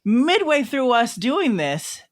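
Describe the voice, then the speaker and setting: A man's voice: very high voice, very animated, takes it slowly. A man hosting a podcast reunion, chatty and laughing often as he chats casually. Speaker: podcast host. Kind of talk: casual chat.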